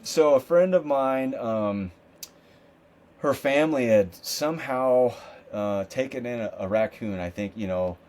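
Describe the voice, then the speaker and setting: A man's voice: medium pitch, a little slow, darkish tone. A man guesting on a podcast, telling stories in a loose, profane, casual way and acting out what other people said. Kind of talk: casual storytelling interview.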